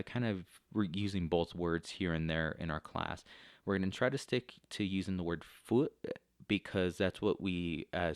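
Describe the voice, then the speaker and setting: A male teacher giving a recorded lecture, explaining step by step and often pausing with fillers. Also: deep voice, dry recording, studio quality.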